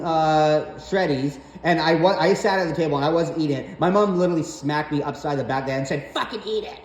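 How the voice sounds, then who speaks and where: A man's voice: a little high, darkish tone. A man telling stories about his mother in a casual, rambling, exasperated rant full of swearing. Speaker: storyteller vlogger. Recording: roomy echo, faint background noise.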